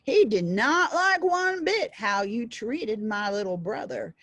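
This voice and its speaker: A woman's voice: a little high, animated, slow, fairly bright tone, heavily acted. A woman voicing a muscular, cocky teenage male devil in a folk tale.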